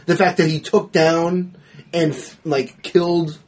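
A man co-hosting a casual movie discussion, animated and quick to act out scenes. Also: on the high side, slight background noise. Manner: animated, swearing, acts out scenes. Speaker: podcast co-host.

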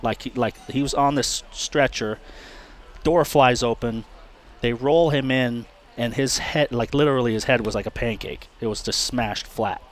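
A man's voice: medium pitch, normal speed. A man, a retired race car driver, talking candidly as an interview guest, often repeating himself and swearing. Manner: frank, repeats words and restarts, swears.

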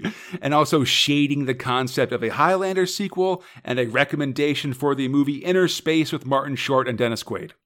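A man's voice: mid-range voice, a little fast, fairly bright tone. A man co-hosting a podcast, recapping comic stories in a casual way with playful asides. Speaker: podcast co-host.

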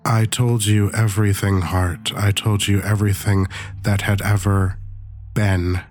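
A man's voice: lowish voice, flat delivery, darkish tone, a little hiss or hum, close to an everyday voice. A man voicing a cryptic disembodied machine entity. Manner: measured, formal, no contractions.

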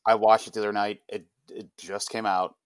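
A young man on a podcast, excitedly recapping an episode in a rambling, casual way full of "like". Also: fairly low pitch, a little fast, clean tone, dry recording. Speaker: podcast co-host. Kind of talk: casual pop-culture chat.

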